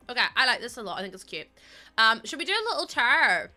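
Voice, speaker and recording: Young woman, streamer, giggly, rambling, tired, very sharp, higher voice. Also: sing-song, fast, soft background music. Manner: chatty, giggly, rambling asides to chat. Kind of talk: casual live-stream chat while playing.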